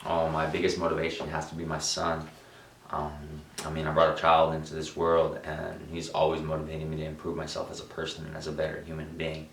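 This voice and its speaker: A young adult man answering interview questions with lively storytelling, acting out quotes and restarting often. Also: a bass voice, fairly quick, gravelly. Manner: animated storyteller, acts out quotes, frequent restarts. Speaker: musician interviewee. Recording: roomy, distant mic.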